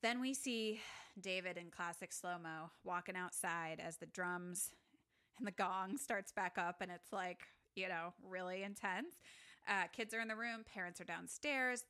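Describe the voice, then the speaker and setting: A woman's voice: fairly low pitch, unhurried, sharp tone, clear, resonant tone. A young woman co-hosting a podcast, casually retelling a film scene by scene and acting out the characters' lines. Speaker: podcast co-host. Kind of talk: casual movie recap chat.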